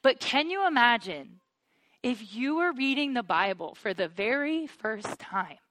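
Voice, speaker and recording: Speaking a little slowly in a slightly high voice, a woman teaches through scripture earnestly and personally, calling her audience "you guys" as her wonder grows into excitement. Emotion chokes her voice, and there's no room sound.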